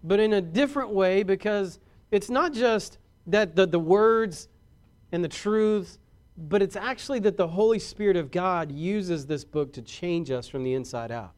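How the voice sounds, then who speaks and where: A man preaching a sermon as a pastor, folksy and rising louder on key points. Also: high voice, unhurried.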